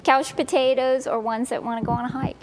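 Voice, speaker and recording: A woman's voice: high-pitched, little pitch movement, a little fast, slight background noise. A woman representing an animal shelter, chatting on a local TV news segment in an upbeat, rambling way with lots of "um" and "you know". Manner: chatty, upbeat, frequent ums and you-knows. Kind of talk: casual TV interview chat.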